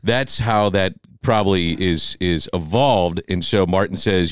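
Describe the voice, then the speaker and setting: A man's voice: deep voice, a little slow, smooth, no echo. A man co-hosting a talk show with dry, teasing banter. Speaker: radio show co-host. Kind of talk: casual chat.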